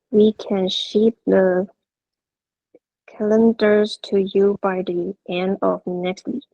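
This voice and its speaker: A woman's voice: medium pitch, highs cut off. A woman student reading an email aloud in class, hesitant and careful.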